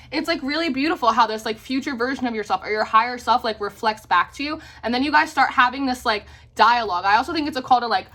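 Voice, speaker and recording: A young woman talks through a tarot reading in a loose, rambling way, tossing in "like" and "right?" constantly. Her voice sits a touch high and rings bright and sharp. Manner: chatty, many "like" fillers and "right?" tags. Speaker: tarot reader. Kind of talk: casual spoken tarot reading.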